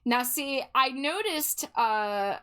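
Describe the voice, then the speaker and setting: A woman's voice: high voice, expressive, slow pace, a bit bright, smooth. A woman streamer chatting casually with her viewers while she draws, reading their messages aloud and laughing often.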